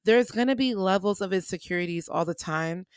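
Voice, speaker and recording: A woman's voice: mid-range voice, fairly quick, clear, resonant tone, no room sound, clean studio sound. A young adult woman hosting a podcast, talking casually and encouragingly to her listeners, calling them y'all. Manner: animated, chatty, addresses listeners as y'all. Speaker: podcast host. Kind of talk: casual motivational podcast talk.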